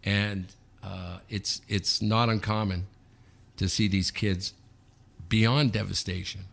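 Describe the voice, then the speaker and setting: A man in his fifties from Canada, co-hosting a podcast and telling an anecdote in a lively way, often checking in with "okay?". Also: lowish voice, takes it slowly, vocal fry. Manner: animated anecdote teller, frequent "okay?" check-ins. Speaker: podcast co-host. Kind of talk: casual storytelling.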